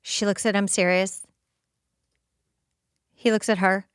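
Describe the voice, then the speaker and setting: A woman podcast host giving excited, casual play-by-play commentary while rewatching a TV episode. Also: mid-range voice, takes it slowly, clean tone, dry recording, studio quality. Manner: excited, gushing, narrating scenes as they happen.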